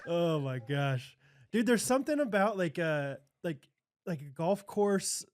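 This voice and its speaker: A man's voice: on the high side, expressive, a little slow, a little hiss or hum. A man with a Midwestern American accent co-hosting a podcast, chatting casually with lots of fillers and laughter. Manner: laughs often, rambling with many fillers. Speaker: podcast co-host. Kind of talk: casual chat.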